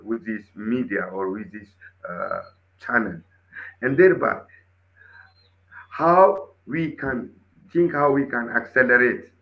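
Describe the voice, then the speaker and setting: A man's voice: mid-range voice, slow pace, pauses often, muffled recording. A man giving earnest closing remarks in a discussion, repeating his phrases. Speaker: panel participant.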